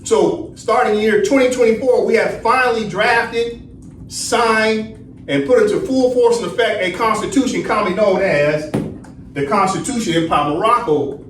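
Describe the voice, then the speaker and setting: High-voiced man lecturing in a roomy echo. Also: moderate pace. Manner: asks questions then answers them, frequent "right?". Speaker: study session teacher. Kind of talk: lecturing class. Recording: roomy echo, distant mic, faint noise.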